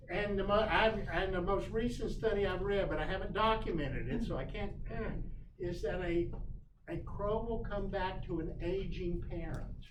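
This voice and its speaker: A man giving a casual class on backyard birds in a shop classroom, folksy and animated, putting on playful voices for the birds. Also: high-pitched, normal speed. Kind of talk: casual lecture. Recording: roomy, distant mic, noisy.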